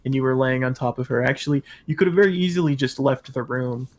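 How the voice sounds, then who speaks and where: A man riffing on a livestream in a sarcastic, mocking way. His voice sits at an ordinary middle pitch. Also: fast talker. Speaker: livestream co-host. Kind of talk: casual livestream commentary.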